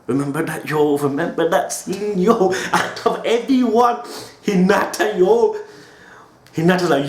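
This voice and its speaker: A man's voice: high voice, normal speed. Impassioned slangy man, roomy echo. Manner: impassioned, slangy, keeps tagging lines with "yo". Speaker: anime reaction channel host. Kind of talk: emotional reaction monologue.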